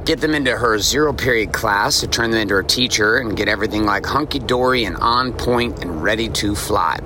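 A man's voice: lowish voice, background noise. A middle-aged man hosting a podcast, telling a casual story and repeating his key lines for emphasis. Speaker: podcast host.

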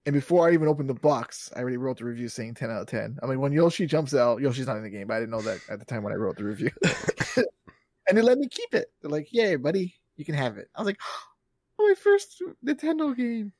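A man's voice: mid-range voice, lively intonation, quick pace, darkish tone. A man in his thirties, a podcast co-host, chatting casually and animatedly, acting out quotes and laughing often. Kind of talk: casual chat.

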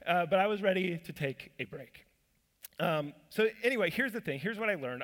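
A man's voice: high voice, expressive, moderate pace, a bit bright. A man, a church elder, giving a sermon in a casual storytelling way, self-deprecating, with fillers and restarts. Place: church sanctuary. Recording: long hall reverb.

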